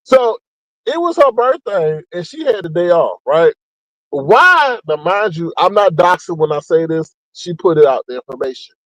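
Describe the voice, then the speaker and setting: A man runs a casual gossip commentary, voice sitting high and leaping around as he mocks and acts out the people he talks about. The sound is dry and close, with no room around it. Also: moderate pace, dry recording, low-quality recording. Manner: animated, mocking, acts out quotes with big pitch jumps. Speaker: commentary channel host.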